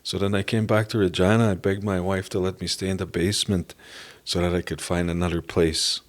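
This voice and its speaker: A middle-aged man from Canada giving an earnest, halting personal testimony as a podcast guest. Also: deep voice, level tone. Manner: earnest, halting, emotional at times.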